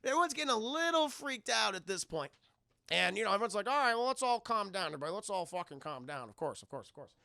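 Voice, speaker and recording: Excitable young man with gravelly bright voice. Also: sits high, quick pace, dry recording, studio quality. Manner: profane, excitable, acts out characters' lines. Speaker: streamer reviewing a film. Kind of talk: animated casual recap to live chat. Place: home streaming setup.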